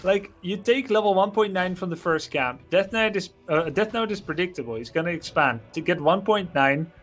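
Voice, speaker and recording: A man with a Dutch accent giving animated, analytical live commentary on a strategy game match. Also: high voice, normal speed, soft background music. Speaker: esports caster.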